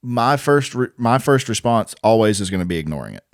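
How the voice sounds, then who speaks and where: A man's voice: on the low side, big pitch swings, brisk, no room sound, studio quality. A young man co-hosting a casual chat about stand-up comedy, explaining his views in a laid-back way. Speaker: podcast co-host, aspiring comedian.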